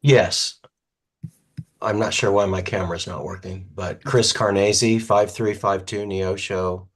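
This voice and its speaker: A property owner joins a public hearing online and gives his name and address, slightly flustered as he corrects himself. His voice is low. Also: fairly even intonation, a little slow. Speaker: property owner testifying remotely.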